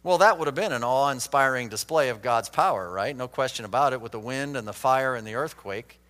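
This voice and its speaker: A man preaching an expository Bible sermon, acting out quoted lines with sweeping changes in pitch and loudness. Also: brisk, big-room sound. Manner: dramatic, acts out quoted lines with big swings in pitch and volume.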